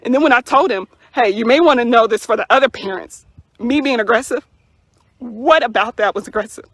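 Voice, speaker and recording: Speaking a little fast in a slightly high voice, a young woman recounts to camera her own police encounter as a mother. Indignant and emphatic, she repeats words to stress them, and the recording has no echo.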